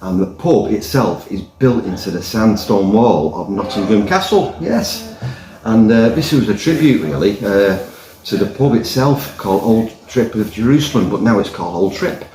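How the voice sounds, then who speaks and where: In a pub, sitting indoors by the fire, a man reviews a pint casually, rambling and cracking a joke. His voice is fairly low and dark in tone, animated, at a moderate pace, with roomy pub echo around it.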